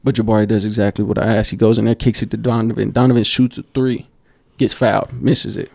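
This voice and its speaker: A man co-hosting a basketball podcast, telling coaching stories in a casual, animated way and acting out quotes. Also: on the low side, fast, vocal fry, no echo, clean studio sound. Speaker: podcast co-host. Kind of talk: casual storytelling chat.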